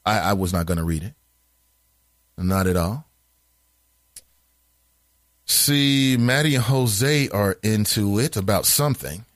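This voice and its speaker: This talk show host reads listener comments aloud in a flatter tone, then fires back with animated, incredulous asides and laughter on a casual call-in show. When he gets worked up, his pitch swings widely. He speaks slowly and pauses often, and the recording is dry and close with no echo or room sound.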